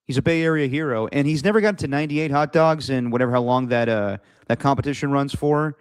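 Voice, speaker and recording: A man's voice: medium pitch, fast talker, smooth, no room sound. A man co-hosting a sports podcast in casual chat, rambling with many "like"s and restarts. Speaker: podcast co-host.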